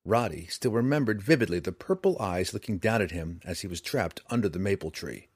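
Male audiobook narrator, low, husky, animated delivery, dry close recording. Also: a little fast, dry recording. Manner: dramatic, expressive reading. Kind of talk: scripted fantasy narration.

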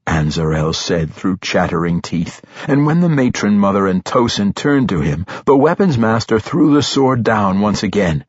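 A man narrating a fantasy audiobook in a steady, measured storytelling voice. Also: lowish voice, breathy edge, no room sound, dull audio.

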